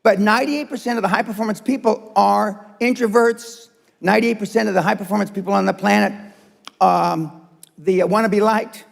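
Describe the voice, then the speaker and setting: A man's voice: high-pitched, steady tone, fairly quick, gravelly, in a large hall. An older man giving a blunt, profane and confrontational seminar speech to a live audience. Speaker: motivational speaker. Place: seminar room.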